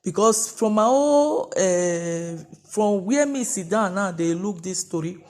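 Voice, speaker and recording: A woman's voice: medium pitch, lively intonation, slow pace, a little mellow. A woman vlogger speaking Nigerian Pidgin, delivering an impassioned, repetitive rant of commentary in an opinion vlog.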